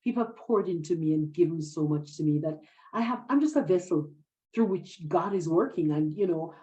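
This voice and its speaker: A woman's voice: lowish voice, lively intonation, brisk, mellow. A woman with a Jamaican accent, a poet being interviewed, who talks animatedly, often says "indeed", and recites verse in patois. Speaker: guest poet.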